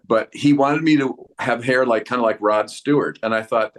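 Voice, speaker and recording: A man's voice: mid-range voice, fairly quick. Rambling actor in his sixties. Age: 60s. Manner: rambling, restarts often, acts out quoted voices. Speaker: actor guest. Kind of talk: press junket interview.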